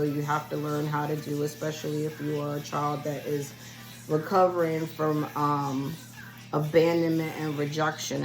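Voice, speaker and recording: A woman with a low-pitched, creaky voice gives a spiritual reading in a casual solo vlog, talking straight to her viewers in a chatty, rambling way. The recording is rough.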